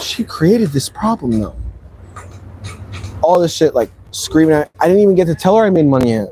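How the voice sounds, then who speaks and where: A man's voice: on the high side, very animated, normal speed, pauses often, mellow, slight background noise, poor audio. A man vlogging, telling a personal story in a rambling, emphatic way full of slang. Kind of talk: casual storytelling.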